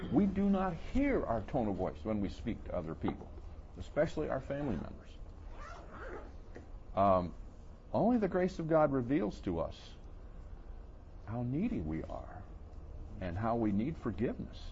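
A man preaching a sermon to a congregation, asking questions and playing out the listeners' doubts in a higher voice. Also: moderate pace, long pauses, dull audio, a little hiss or hum. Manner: animated, voices the questioners in a high mocking tone.

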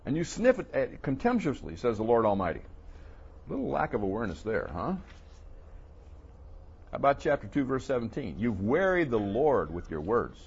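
A man preaching a sermon to a congregation, asking questions and playing out the listeners' doubts in a higher voice. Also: normal speed, gravelly, lo-fi sound, a little hiss or hum. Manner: animated, voices the questioners in a high mocking tone.

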